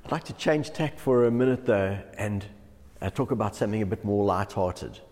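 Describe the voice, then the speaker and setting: A man's voice: on the low side, normal speed, a little mellow. A man, a pastor giving a devotional sermon who often chuckles through his stories. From South Africa. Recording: long hall reverb.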